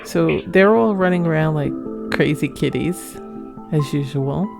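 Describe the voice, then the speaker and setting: Casual vlog narrator: a woman with a low voice and a gravelly edge, talking loosely over music. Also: a little slow. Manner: chatty, rambling, laughs often. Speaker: paranormal vlogger narrating her footage.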